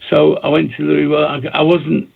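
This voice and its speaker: A man's voice: on the high side, flat delivery, normal speed. A man guest, a record producer and DJ, telling long rambling stories in an interview, repeating himself and restarting his sentences. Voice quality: gravelly and husky. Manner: talks in bursts, repeats himself, many restarts. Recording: tinny phone-line audio.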